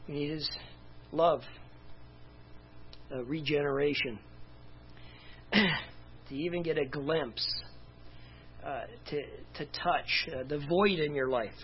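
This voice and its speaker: A man's voice: fairly high pitch, lo-fi sound, a little hiss or hum. A man preaching a casual, conversational sermon as pastor, with chuckles and asides.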